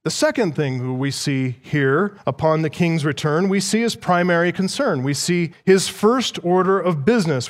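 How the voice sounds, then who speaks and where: A man's voice: fairly high pitch, animated, normal speed, hardly any pauses, big-room sound. A man preaching an expository sermon, teaching through a passage verse by verse and putting questions to his listeners. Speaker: pastor.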